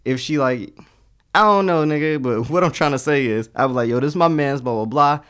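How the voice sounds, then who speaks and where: A man's voice: mid-range voice, brisk, a bit bright, clear, resonant tone. A young man, a guest telling rambling, profane stories and acting out the dialogue. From Detroit, US. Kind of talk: casual chat.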